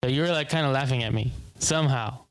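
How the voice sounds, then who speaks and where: A man in casual chat, calmly recounting a shared memory in a matter-of-fact way. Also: mid-range voice, fast, no room sound. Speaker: brother, guest.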